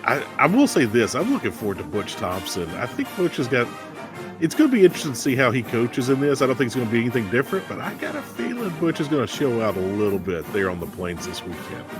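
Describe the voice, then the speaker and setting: A man's voice: medium pitch, wildly swooping pitch, quick pace, over music. A man co-hosting a casual sports talk show, speaking in a laid-back, joking way. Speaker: co-host.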